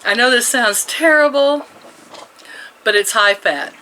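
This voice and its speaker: Woman, 60s, vlogger; bright, forceful tone, rambling chatty delivery with frequent chuckles. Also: on the high side, unhurried, a little hiss or hum, rough recording. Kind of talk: casual chat.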